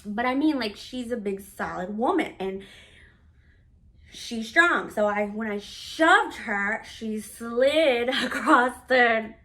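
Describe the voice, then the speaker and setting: A woman's voice: a little high, animated, slow pace, bright, forceful tone. A woman in her thirties candidly recounting a family conflict in a personal vlog, acting out the quoted dialogue with animation. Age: 30s. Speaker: vlogger. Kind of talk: personal storytelling to camera.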